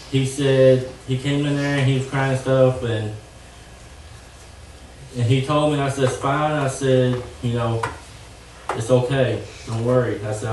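Young male churchgoer, earnest testimony, halting with fillers, distant and echoey. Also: medium pitch, a little mellow, slight background noise. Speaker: church member giving testimony. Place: church sanctuary.

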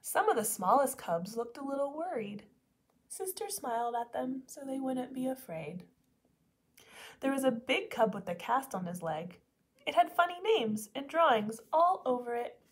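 Teacher reading to young children, expressive and animated, swooping pitch. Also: female voice, normal speed. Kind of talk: reading a picture book aloud to children.

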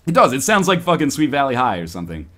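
A man's voice: medium pitch, sing-song, fast, a bit bright. A man hosting a casual podcast, reading a choose-your-own-adventure story aloud to friends in a playful, mock-dramatic way. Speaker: podcast host.

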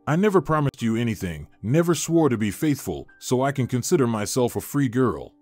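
A man's voice: mid-range voice, big pitch swings, a little fast, darkish tone, dry recording, faint music behind. A man voicing a cold, self-serving young woman who speaks harshly and bluntly to her fiancé. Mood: defiant.

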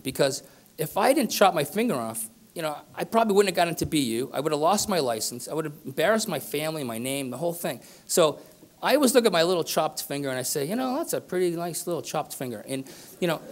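A middle-aged man telling a rambling, self-deprecating story to a live audience, peppering it with "right?" and "you know". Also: high voice. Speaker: business speaker. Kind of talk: storytelling keynote speech. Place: conference room with live audience.

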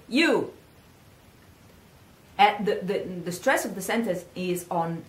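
Giving a pronunciation lesson, an Italian-accented singing teacher from Italy pronounces words slowly so her learner can echo them. She sounds animated, with a mid-range voice.

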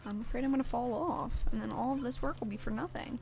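A woman's voice: a little high, fast, creaky. A woman casually bantering and swearing while streaming a video game. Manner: swearing, laughing, excitable yelps.

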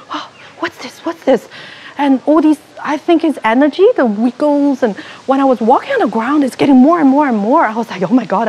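A woman from China, giving an animated personal testimony and acting out her own past thoughts as she tells her story. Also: high-pitched. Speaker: retreat participant.

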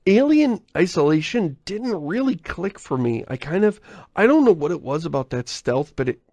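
Gravelly man rambling on a podcast. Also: fairly high pitch, sing-song, moderate pace, warm tone, no echo. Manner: rambling, self-interrupting, laughs often; reads listener mail aloud. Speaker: podcast host. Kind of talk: casual podcast chat.

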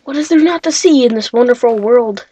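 A young woman giving excitable, chatty let's-play commentary, talking to herself and shrieking when startled. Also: fairly high pitch, brisk, breathy edge, poor audio. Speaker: gaming video creator.

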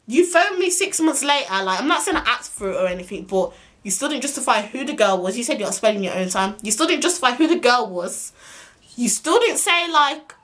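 A woman's voice: on the high side, animated, fairly bright tone. Exasperated young woman vlogger. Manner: exasperated, slangy, fast-talking retelling. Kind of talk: casual storytime vlog.

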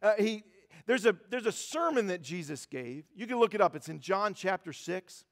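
High-voiced pastor preaching in a reverberant hall. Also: male voice, big pitch swings, normal speed. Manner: conversational, self-deprecating, many fillers and restarts. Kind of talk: sermon. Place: church sanctuary.

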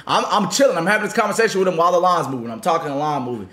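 A man telling a story in casual chat with friends, animated and laughing as he acts out the people in it. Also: on the high side, very fast, echoey room. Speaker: podcast regular.

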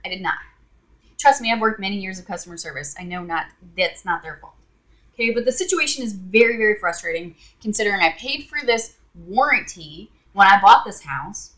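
Bright-voiced woman ranting in frustration. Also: medium pitch. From Indiana. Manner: exasperated, sarcastic storytelling. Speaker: vlogger. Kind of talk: casual rant to camera.

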